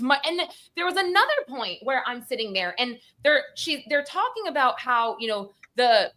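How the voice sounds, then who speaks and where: A woman's voice: medium pitch, sharp tone. A woman recapping a court hearing in emotional casual talk, rambling, quoting people, tearful and close to crying. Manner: rambling, quotes people in acted voices.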